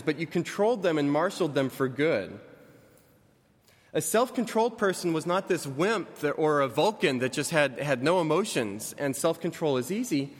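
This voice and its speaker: Thirties pastor preaching casual, kinda high voice, jokes around, big church reverb. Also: male voice. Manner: conversational, self-correcting, lightly joking. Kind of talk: sermon. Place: church sanctuary.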